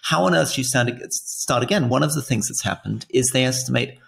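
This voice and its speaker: A man's voice: medium pitch, animated, brisk, gravelly, fairly bright tone. A British man co-hosting a political podcast, explaining world affairs in an earnest, conversational way. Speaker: podcast co-host. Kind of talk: casual political chat.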